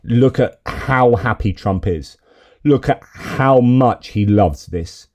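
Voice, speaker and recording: A man's voice: mid-range voice, slow pace, darkish tone. A man giving exasperated, indignant political commentary while reacting to video clips.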